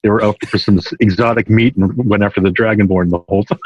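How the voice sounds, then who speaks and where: Husky, low-voiced joking player. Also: male voice, fairly even intonation, a little fast, no room sound, muffled recording. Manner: joking, wry banter. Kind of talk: casual tabletop game chat.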